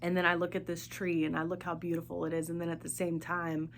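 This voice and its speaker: A middle-aged woman hosts a personal podcast in a low, fairly even voice. She talks earnestly and haltingly, starting over as she looks for words. A faint hum sits behind her. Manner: speaks openly of grief and faith. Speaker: podcast host. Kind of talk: personal monologue.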